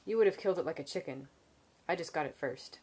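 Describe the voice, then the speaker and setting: A woman voicing a playful, restless young man in a fantasy novel reading, with a teasing, sing-song delivery a little above her low reading voice. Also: animated, fast, a little mellow. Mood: eager.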